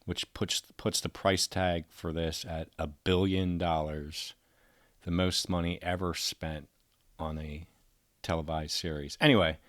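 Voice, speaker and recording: Low-voiced man musing aloud. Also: no room sound, studio quality. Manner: musing, tentative, self-correcting. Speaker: commentator. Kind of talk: thinking-aloud video commentary.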